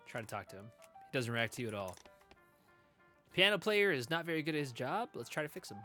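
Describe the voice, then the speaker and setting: A man streaming a video game, chatty and quick to laugh as he reads along and talks to chat. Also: mid-range voice, sharp tone. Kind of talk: casual let's-play commentary.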